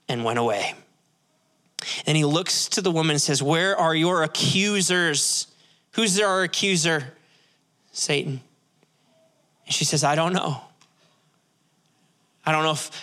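A male pastor delivers a sermon with an earnest, questioning manner. His voice sits high and carries a bright, forward tone. He drops his pace to lean on key phrases. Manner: earnest, slows for emphasis, asks the congregation questions.

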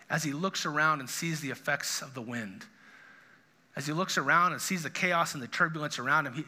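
High, bright-voiced man preaching earnestly. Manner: earnest, conversational preaching with repeated restarts. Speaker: pastor. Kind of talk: sermon.

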